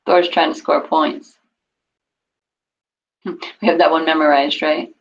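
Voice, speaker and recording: A woman with a low, gravelly voice teaches a Spanish class over a video call, explaining patiently and encouraging her students. The call audio is dull and lo-fi.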